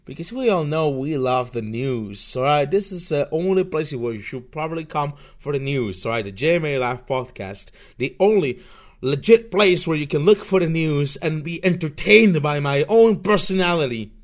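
A man's voice: fairly high pitch, expressive, normal speed. A young man hosting a solo podcast, ranting sarcastically and swearing constantly. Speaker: podcast host.

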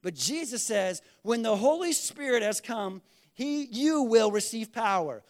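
A man's voice: very high-pitched, expressive, unhurried. A man preaching a conversational sermon, acting out little quoted exchanges and asking the congregation to respond. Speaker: pastor.

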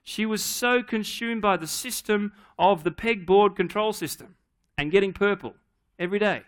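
A middle-aged man preaching a sermon, telling a family story in a relaxed, humorous, conversational way. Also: high voice, normal speed, clean tone. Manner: acts out his daughter's voice in quotes. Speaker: pastor.

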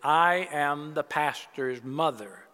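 A man's voice: a little high, moderate pace, pushed and bright, long reverb tail. A preacher telling a joke, voicing an indignant elderly woman who is the pastor's mother.

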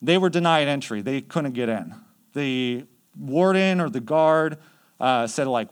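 A man at an everyday middle pitch tells stories from his mission trips as a youth leader. He talks loosely and casually, scattering fillers as he goes. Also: lively intonation, a little slow, clear, resonant tone. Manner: conversational, chatty with many fillers. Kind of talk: casual storytelling.

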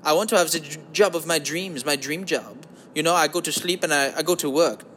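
A man's voice: a little high, a bit bright, slight background noise. Man putting on a sleazy crooning German-ish voice. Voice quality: mock German accent. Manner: sleazy crooning, drawn-out, calls listeners baby. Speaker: podcast host. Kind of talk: comedic podcast monologue in a put-on voice. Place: home basement.

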